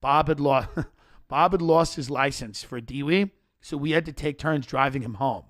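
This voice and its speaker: A man hosting a comedy podcast, telling stories in animated rants with frequent restarts. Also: medium pitch, moderate pace.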